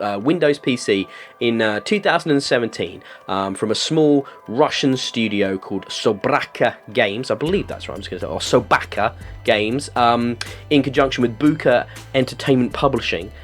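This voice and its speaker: A man hosting a casual video game review podcast, talking with gushing enthusiasm and plenty of filler words. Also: medium pitch. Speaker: podcast host.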